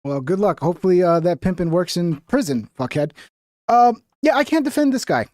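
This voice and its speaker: Male streamer, high-pitched, blunt, profane, casual reaction talk, dry close mic. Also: lively intonation, fairly quick, darkish tone, dry recording. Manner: blunt, profane, trailing off with bro and dude.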